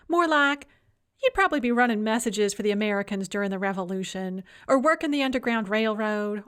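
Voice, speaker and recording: A woman's voice: fairly high pitch, a bit bright. A woman narrating an audiobook, voicing a doting, shrewd old grandmother with a fond, drawling, teasing manner. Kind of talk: audiobook character voice.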